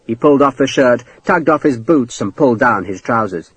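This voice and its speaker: A man narrating an audiobook in a dramatic, expressive reading style. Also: mid-range voice, normal speed, husky, dry recording, lo-fi sound. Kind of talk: scripted narration.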